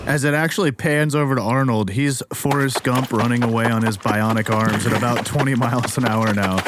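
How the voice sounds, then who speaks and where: A man guesting on a comedy podcast, narrating an improvised story in an animated, excitable way. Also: medium pitch, fairly quick. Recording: clear background noise.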